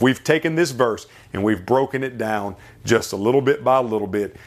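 A man's voice: mid-range voice, normal speed, hardly any pauses. A man delivers a radio sermon in a mid-range voice. He repeats his phrases for effect and climbs into fervent, rising emphasis as his points land. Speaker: radio preacher.

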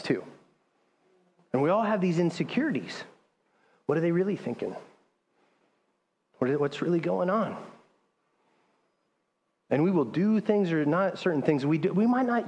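A man's voice: on the high side, very animated, normal speed, long pauses, darkish tone. A man preaching a sermon as pastor, talking in a conversational way and reading scripture aloud. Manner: conversational, restarts often, reads scripture aloud. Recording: long hall reverb.

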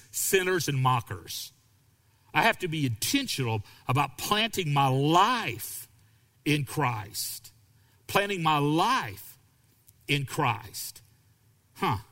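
A male pastor preaching a sermon, animated and acting out quoted voices. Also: fairly high pitch, big-room sound.

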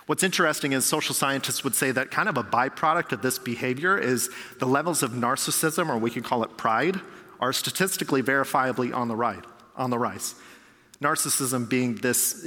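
A man's voice: medium pitch, pushed and bright. A man preaching a sermon as a pastor, talking in a conversational way and acting out quoted people. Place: large church hall. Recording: long reverb of a large church hall.

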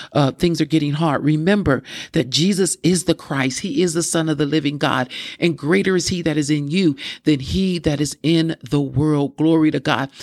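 A man's voice: on the high side, no echo, clean studio sound. A man preaching a fervent sermon, breaking in often with "glory to God" and ending in prayer and prophetic declarations.

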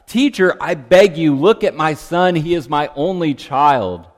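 A desperate father begging for his child, as read by a man, his pleas lifting higher than the surrounding reading. The voice carries a long reverb that trails through a large church hall. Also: lively intonation, unhurried. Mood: pleading. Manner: pleading, raised voice. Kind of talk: scripture reading.

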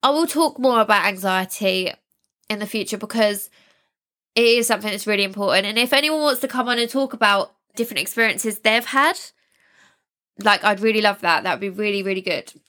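Bright-voiced chatty woman podcaster. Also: mid-range voice, brisk. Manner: chatty and reassuring, with small laughs and restarts. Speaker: podcast host. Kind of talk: casual solo podcast talk.

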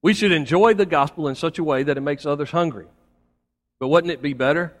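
In a church sanctuary with long hall reverb, a pastor preaches briskly in a higher-pitched voice. His Sunday sermon mixes emphatic climaxes with homey asides aimed at the congregation.

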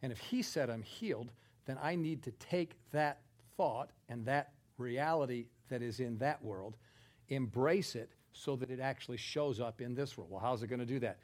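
A man preaching a sermon, chatting with the congregation in asides and building to emphatic, forceful passages. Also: mid-range voice, normal speed.

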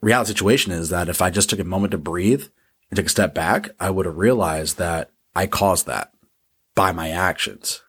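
A man with a low, husky voice talks straight through a casual motivational monologue as a podcast host. He swears often and pokes fun at himself while staying blunt. His tone is rough rather than polished. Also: normal speed, fairly bright tone. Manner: profane, blunt, self-deprecating.

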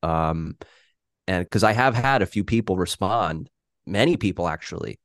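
Man, deep voice, candid and self-deprecating, podcast chat, dry sound. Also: lively intonation, normal speed, no room sound. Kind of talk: casual podcast conversation.

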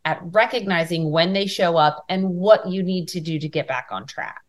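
A woman's voice: lowish voice, moderate pace. Conversational woman podcast host. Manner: conversational, relates points to her own work. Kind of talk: podcast interview.

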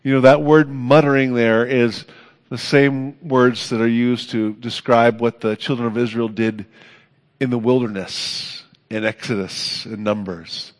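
A man preaching a sermon as pastor, earnest, building to emphatic peaks and then dropping soft. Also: mid-range voice, fairly even intonation, a little slow.

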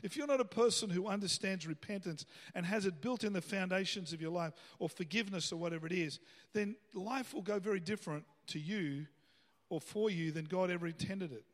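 High-voiced male pastor preaching in a hall. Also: a little fast. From Australia. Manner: conversational preaching, rising to emphatic bursts. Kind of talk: sermon.

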